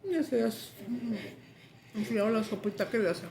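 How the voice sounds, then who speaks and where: Gravelly chatty woman vlogging over food. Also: a little high, expressive, normal speed, a crowd in the background. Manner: chatty, switches into Spanish phrases. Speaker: mukbang vlogger. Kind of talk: casual chat while eating. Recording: echoey room with background noise.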